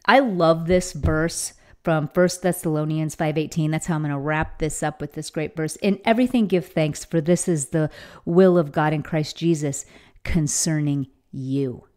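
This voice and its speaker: A woman's voice: low voice, normal speed, a little mellow. Middle-aged woman, enthusiastic inspirational faith speaker, earnest storyteller. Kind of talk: motivational faith talk.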